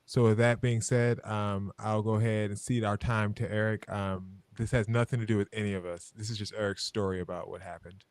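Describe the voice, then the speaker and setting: A man's voice: fairly low pitch, level tone, a little fast, hardly any pauses, dry recording. Laid-back man co-hosting. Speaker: podcast co-host. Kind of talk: casual banter.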